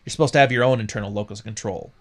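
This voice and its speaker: A man's voice: fairly low pitch, rapid-fire. A man hosting a casual livestream talk, blunt and profane, laughing at his own jokes. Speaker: podcast host.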